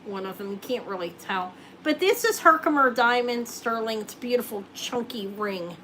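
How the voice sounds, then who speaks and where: A woman's voice: fairly high pitch, expressive, normal speed, sharp tone, slight background noise, low-quality recording. A woman hosting a live jewelry sale, chatting casually and joking while she shows rings.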